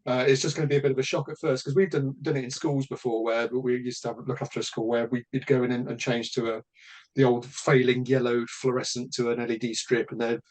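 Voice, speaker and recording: A man's voice: medium pitch, flat delivery, fast, a little mellow. A man from Britain talking casually as a podcast host, bluntly and with frequent swearing and restarts.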